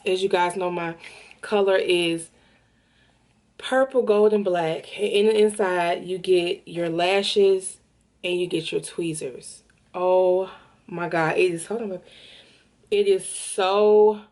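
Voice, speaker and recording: A young woman excitedly unboxing and showing her own lash brand in a casual, rambling vlog. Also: lowish voice, a little slow. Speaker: vlogger launching a lash brand. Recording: roomy and distant with music behind.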